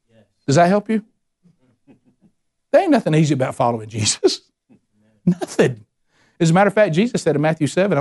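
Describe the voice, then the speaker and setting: A man's voice: fairly high pitch, a little mellow. A man preaching a sermon, folksy and conversational, asking the congregation to answer back. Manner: preaching with call-and-response questions to the congregation; folksy, says y'all, tells anecdotes. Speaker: pastor.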